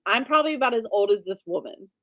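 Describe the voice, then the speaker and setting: Animated laughing woman, casual podcast. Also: on the high side, fast talker, no room sound. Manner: animated, laughs often, says "like" a lot. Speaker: podcast co-host. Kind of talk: casual recap chat.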